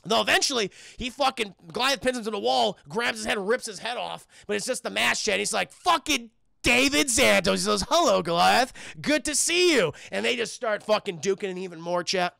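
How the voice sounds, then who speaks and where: A man streaming a rambling, profane recap of a cartoon episode to his live chat, often acting out the characters' lines in quick asides. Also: high voice, creaky, sharp tone, no room sound.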